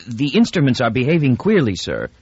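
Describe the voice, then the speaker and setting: A man's voice: mid-range voice, wildly swooping pitch, fairly quick, slightly rough, no echo, highs cut off. A male narrator voicing a nervous, overly formal male clown in an audiobook. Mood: anxious. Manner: nervous, deferential.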